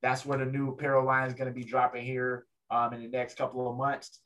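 A man's voice: mid-range voice, fairly quick. A man, a ring announcer, telling a story in a casual interview and acting out the people in it. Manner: animated storyteller, acts out other people's voices.

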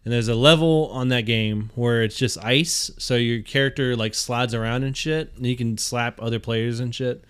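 Relaxed young man, hesitant podcast co-host. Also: medium pitch, normal speed, hardly any pauses, clear, resonant tone. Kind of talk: casual chat.

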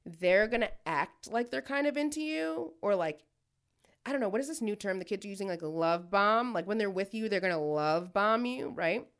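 Woman, podcast co-host, brash and profane, lively swooping pitch, casual comedic chat. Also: normal speed, smooth. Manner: brash, profane, animated, breaks into playful voices.

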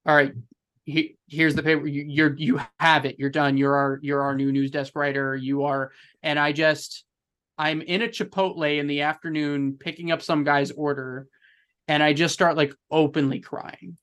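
Man, young adult, slightly high-pitched, rambling, lots of fillers, earnest, emotional, interview guest. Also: level tone, normal speed, fairly bright tone, smooth. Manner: rambling, full of fillers and restarts. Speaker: podcast guest, film journalist. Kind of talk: candid interview storytelling.

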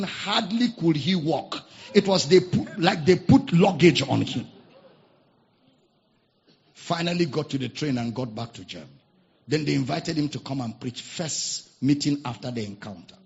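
A male pastor preaching a sermon, telling stories dramatically and swinging from shouts to hushed tones. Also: a little high, animated, moderate pace, creaky. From Nigeria. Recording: dull lo-fi sermon recording.

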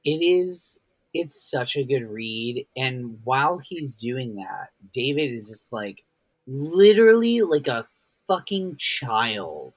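A podcast co-host in casual chat, animated and swearing, with big reactions. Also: mid-range voice, takes it slowly, slightly rough, no echo.

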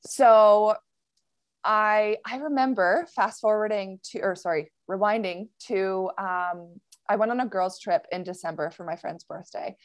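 A woman guest on a podcast, telling a personal story in a casual, animated way with many fillers and quick laughs. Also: mid-range voice, no room sound.

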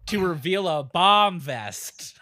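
A woman co-hosting a casual recap podcast, acting out characters' lines in quick impressions. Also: on the low side, animated, pushed and bright. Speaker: podcast co-host. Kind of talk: casual chat recapping a TV episode.

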